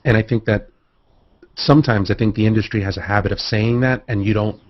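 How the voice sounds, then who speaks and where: A man on a photography panel, talking in an animated, rambling way with many restarts, over a video call. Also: fairly low pitch, fairly quick, dull audio. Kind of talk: casual panel discussion.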